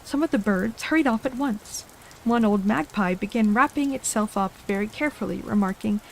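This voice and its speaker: A woman giving a gentle, unhurried ASMR storybook reading. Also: mid-range voice, creaky, slight background noise, low-quality recording. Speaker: ASMR reader.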